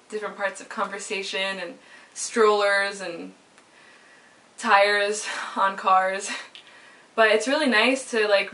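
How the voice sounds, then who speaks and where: Bright-voiced young woman vlogging. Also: mid-range voice. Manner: casual, rambling, peppered with "like", laughs often. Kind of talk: personal vlog monologue. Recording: voice a little far from the mic.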